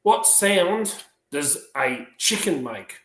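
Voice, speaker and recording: A woman's voice: low voice, big pitch swings, slow, voice pushed up, heavily acted. A man voicing a chirpy female schoolteacher quizzing her class, with a sing-song, encouraging way of talking. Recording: roomy echo.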